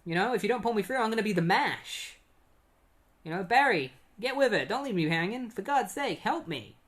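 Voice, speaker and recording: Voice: mid-range voice, expressive, brisk, fairly bright tone, voice pushed up, close to an everyday voice. A narrator voicing a young male superhero, trapped and pleading with his mentor in a raised, strained voice.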